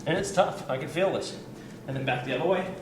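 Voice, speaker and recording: Man, energetic fitness coach, counts reps while working out, recorded from a distance in a noisy room. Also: fairly high pitch, brisk. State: out of breath at times. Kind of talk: demonstrating warm-up drills. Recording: roomy, distant mic with ambient noise.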